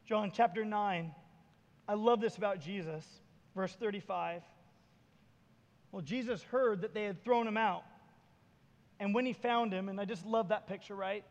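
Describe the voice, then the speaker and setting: A man with a very high-pitched voice preaches a sermon and retells scripture scenes with lively, acted-out dialogue. The sound carries a long reverb, as if recorded in a large hall. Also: unhurried, pauses often, dull audio. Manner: animated storytelling, acting out Bible scenes. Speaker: pastor.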